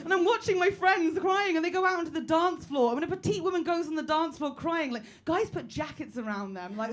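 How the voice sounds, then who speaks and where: A woman performing a stand-up comedy routine, loud and brash, shouting her punchlines. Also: very high voice, fast talker, few pauses, slight background noise. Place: small comedy club. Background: audience laughter.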